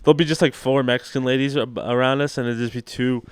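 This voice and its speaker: A man guesting on a comedy podcast, playful and prone to loud put-on voices mid-story. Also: mid-range voice, fairly even intonation, fast talker, smooth, no room sound. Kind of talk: casual comedy podcast chat.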